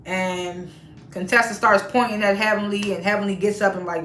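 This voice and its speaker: Woman, casual reality TV recap, chatty, laughs a lot, mid pitch, echoey room. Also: fairly even intonation, moderate pace, fairly bright tone, slight background noise. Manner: chatty, laughs often while retelling scenes. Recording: roomy echo.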